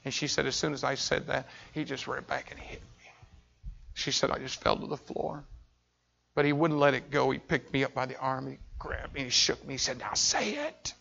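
Gravelly bright-voiced pastor preaching. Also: male voice, mid-range voice, level tone, moderate pace, muffled recording. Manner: intense storytelling, swings from shouting to hushed. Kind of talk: sermon.

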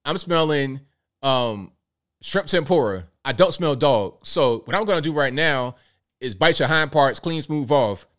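A man voicing a wary male dog who sniffs out a man in a costume, in a slow, deadpan inner monologue. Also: medium pitch. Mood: menacing.

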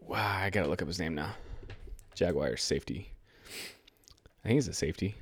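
A man's voice: low voice, fairly quick, husky, no room sound, studio quality. A young man hosting a solo sports podcast, ranting in a profane, exasperated and rambling way. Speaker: podcast host.

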